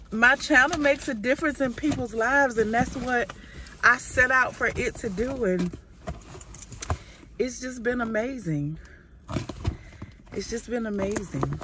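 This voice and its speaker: A woman chatting excitedly in a casual vlog, saying "y'all" a lot. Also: fairly high pitch. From Georgia, US. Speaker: vlogger. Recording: noisy background.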